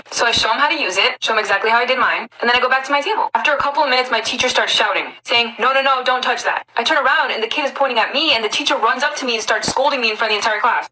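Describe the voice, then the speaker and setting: A woman's voice: fairly high pitch, very fast, few pauses, sharp tone, slight background noise, low-quality recording. A woman in her early twenties telling personal stories in a chatty, confiding way, often turning to her viewers. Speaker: storyteller. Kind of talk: story time narration.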